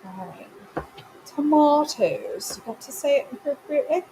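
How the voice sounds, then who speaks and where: A woman's voice: high voice, animated, fast, mellow, a little hiss or hum, poor audio. A woman hosting a live cooking stream from her home kitchen, chatting casually and answering viewers by name with playful, self-mocking humor.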